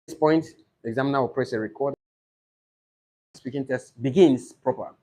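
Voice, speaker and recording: A man teaching exam preparation for English speaking tests, explaining slowly and repeating model answers aloud. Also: mid-range voice, warm tone. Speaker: IELTS tutor.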